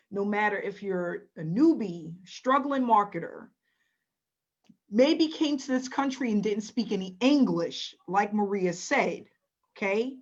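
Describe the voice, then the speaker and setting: A woman hosting a webinar in an upbeat manner, calling on attendees by name. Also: medium pitch. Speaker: webinar host. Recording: dull lo-fi audio.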